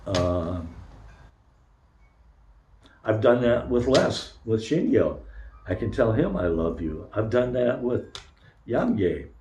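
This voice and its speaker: An older man, a Zen priest, giving an informal personal sermon, telling a story candidly and haltingly with many pauses and fillers. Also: medium pitch, gravelly, warm tone, slight background noise. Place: temple meditation hall. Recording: roomy echo.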